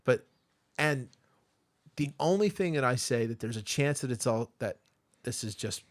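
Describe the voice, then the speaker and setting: A man's voice: medium pitch, expressive, moderate pace. A man co-hosting a podcast in casual chat, asking questions with hesitant restarts. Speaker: podcast co-host.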